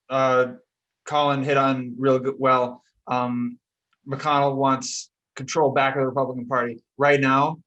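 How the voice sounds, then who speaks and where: A male podcast panelist who talks politics bluntly and swears freely. His voice sits a little higher than most men's, with a casual, opinionated delivery. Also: a bit bright, rough recording. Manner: blunt and profane.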